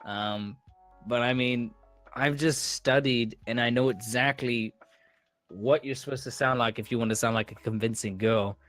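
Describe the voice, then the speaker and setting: Man on a headset mic, casual animated chat, mid pitch, faint music behind. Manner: animated, laughing, fast pitch jumps. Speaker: podcast guest, VR prank YouTuber.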